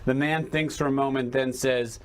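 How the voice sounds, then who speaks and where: A man telling a joke to a broadcast team in a steady storytelling way. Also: medium pitch, normal speed.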